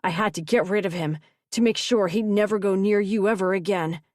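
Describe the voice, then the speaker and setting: A woman's voice: a little fast, darkish tone, no room sound, studio quality, natural voice. A woman voicing a bitter young man who holds a gun and talks through his teeth. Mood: grim. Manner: low, clipped and hissing.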